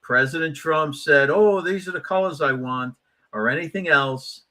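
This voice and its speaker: A man co-hosting a casual live-stream chat, animated and jokey, often repeating his words. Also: on the high side, normal speed. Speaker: co-host.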